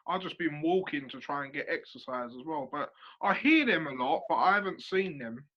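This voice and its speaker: A man, speaking calmly and reflectively in a casual chat. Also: a little high, a little fast, muffled recording.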